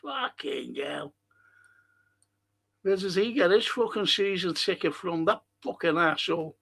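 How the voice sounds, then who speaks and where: A man's voice: high voice, expressive, unhurried, gravelly, bright, forceful tone. A man hosting a livestream podcast, reading out chat comments and ranting heatedly with constant swearing and rhetorical questions. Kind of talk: profane livestream rant.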